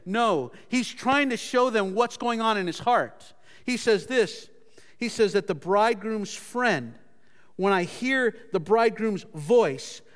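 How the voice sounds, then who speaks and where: High-voiced preaching man in a reverberant hall. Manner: earnest preaching, lively swings in pitch and loudness, repeats words. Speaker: pastor. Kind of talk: sermon.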